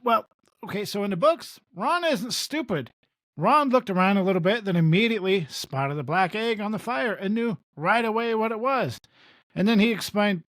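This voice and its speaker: A man co-hosting a podcast in casual chat, lively and laughing as he retells scenes in quoted voices. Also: sits high, normal speed, no room sound. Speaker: podcast co-host.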